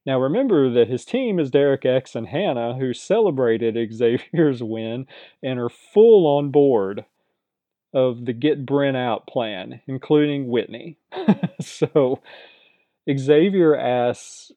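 A man's voice: mid-range voice, lively intonation, slow pace, dark tone, dry recording. A man recapping a reality competition show in a casual, chatty way, often hedging and repeating himself.

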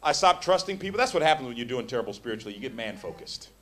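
Animated preacher man, lively pitch. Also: rapid-fire. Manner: animated, swings from hushed to loud emphasis; stammering restarts when excited. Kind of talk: sermon. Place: church.

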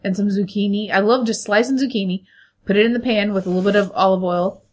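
A woman co-hosting a podcast, chatty and animated, laughing often in casual chat. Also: medium pitch, fast. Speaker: podcast co-host.

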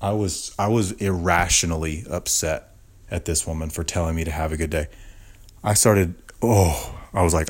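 Young guy with a real low voice doing a sweary fake-angry podcast rant. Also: normal speed, pauses often. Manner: profane, exaggerated mock-outrage, swears constantly. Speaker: podcast host.

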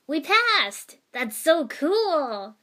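A woman reading a story aloud, voicing a loud, excitable boy ninja who shouts and boasts. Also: a little high, a little slow, close to an everyday voice. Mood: excited.

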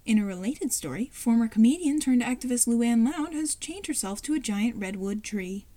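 A woman puts on a brisk TV news reporter with a steady newsreader cadence. The voice sits fairly high and sounds warm rather than sharp. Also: dry recording, lightly acted. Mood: formal.

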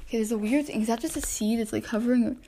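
A woman's voice: on the high side, racing, warm tone, a little hiss or hum. A young woman hosting a casual solo podcast from home, chatting and narrating the animals she spots through her window, easily distracted and talking to them directly. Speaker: podcast host. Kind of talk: casual solo chat narrating backyard wildlife.

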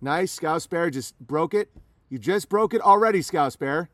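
A man's voice: a little high, animated, a little slow, dry recording. A man live streaming, talking casually to his chat in a rambling way with many restarts.

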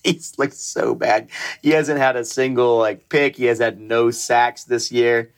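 A man's voice: mid-range voice, fairly even intonation. Laughing, swearing sports podcast guy. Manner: laughs often, swears, quick storytelling asides. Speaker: podcast co-host. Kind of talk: casual sports chat.

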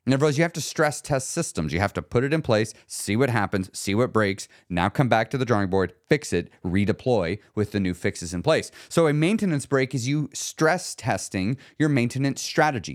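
A man's voice: mid-range voice, normal speed, hardly any pauses, no room sound, studio quality. A middle-aged man hosting a solo weight loss podcast, talking casually and getting worked up into rants. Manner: excitable, gets worked up and rants.

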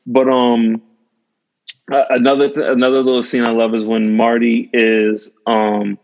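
A man hosts a podcast in easygoing chat, with a mid-pitched voice. He talks enthusiastically, piling on fillers. The recording sounds a little dull and lo-fi. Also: flat delivery, measured pace, vocal fry, a little mellow. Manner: enthusiastic, laughing, full of fillers and "like". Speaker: podcast host. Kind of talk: casual chat.

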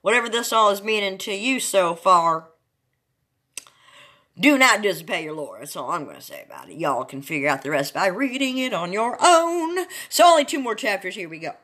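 A woman reading Bible chapters aloud in a sing-song, drawn-out dramatic way, breaking off for chatty asides to her listeners. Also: mid-range voice, very animated, bright, forceful tone. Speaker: Bible reader.

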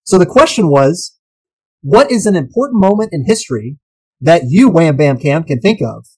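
Guy cohosting a podcast, slightly high voice, gets animated, lots of rhetorical questions. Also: normal speed, husky, rough recording. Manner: animated, rhetorical questions with sudden pitch jumps. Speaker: podcast co-host. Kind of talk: casual podcast chat.

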